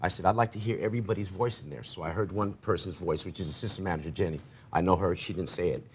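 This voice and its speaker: A man's voice: low-pitched, fast, a little hiss or hum. A man in his forties testifying as defendant in a rambling, repetitive retelling. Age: 40s. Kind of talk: courtroom testimony.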